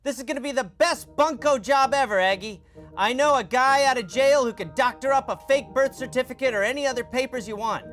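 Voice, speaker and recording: A man's voice: very high-pitched, brisk, a bit bright, faint music behind, pitched above the performer's own voice. A man reading the lines of a scheming male con man, hamming it up in a brash stage read.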